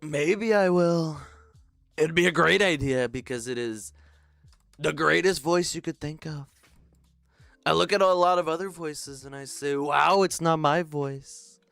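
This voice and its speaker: A young man putting on the voice of a brash, boastful older male politician, with a bragging, drawn-out delivery. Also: a little high, gravelly, a bit bright, smooth, no room sound, pitched above the performer's own voice. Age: young adult. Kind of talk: comedic impression during a game stream.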